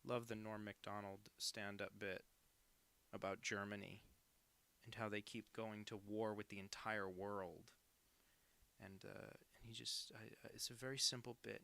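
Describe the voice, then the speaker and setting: A man's voice: fairly low pitch, flat delivery, normal speed, creaky, pushed and bright. A man chatting casually on a live drawing stream, rambling and self-deprecating with crude asides.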